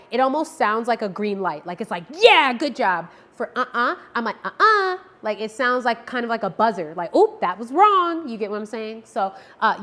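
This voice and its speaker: A woman dog trainer giving a casual lesson to camera, checking in often with a quick "okay?" and acting out her cue words in lively tones. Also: on the high side. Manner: friendly, repeats "okay?" to check understanding; acts out marker words with lively tone changes. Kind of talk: casual instructional talk to camera.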